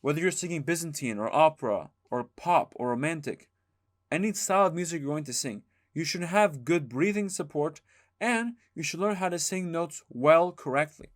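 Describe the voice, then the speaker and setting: A man teaching a music lesson, explaining calmly and singing short chanted examples. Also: a little high, moderate pace. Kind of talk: spoken lesson with sung demonstrations.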